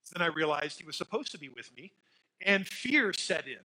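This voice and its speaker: Bright high-voiced male pastor preaching. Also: a little fast, low-quality recording. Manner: animated storytelling with fillers, drops to quiet emphasis. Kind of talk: sermon.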